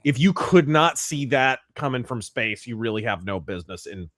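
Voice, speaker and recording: A man's voice: medium pitch, animated, moderate pace, fairly bright tone, dry recording, clean studio sound. A man guesting on a podcast, ranting in a sardonic, emphatic way about games and culture.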